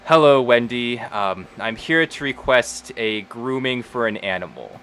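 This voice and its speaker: A man voicing a reserved, tired adventurer, speaking flatly and curtly in tabletop role-play. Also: medium pitch, measured pace, a little hiss or hum. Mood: weary. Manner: flat, tired, curt. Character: weary, reserved adventurer hiding from attention.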